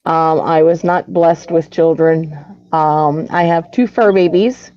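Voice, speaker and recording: A woman guest speaks slowly and hesitantly in a low, mellow voice. Her audio is dull and lo-fi, like a call, and dry with no room sound. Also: steady tone, dry recording. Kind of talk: casual conversation.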